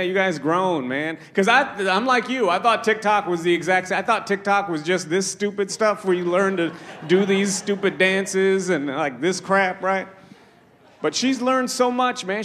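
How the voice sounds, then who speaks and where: A man's voice: high-pitched, moderate pace. A middle-aged man doing stand-up, telling stories with acted-out quotes on a comedy club stage. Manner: animated storytelling with acted-out quotes. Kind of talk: stand-up set.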